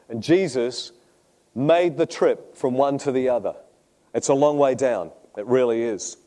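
A man's voice: mid-range voice, mellow. A man preaching a sermon, telling funny stories and often laughing at his own jokes. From Australia. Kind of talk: sermon with humorous anecdotes.

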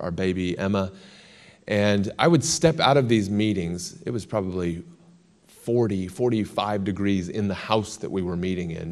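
An American man, a guest in an interview, telling a long story with lively quoted lines. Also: low-pitched. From United States.

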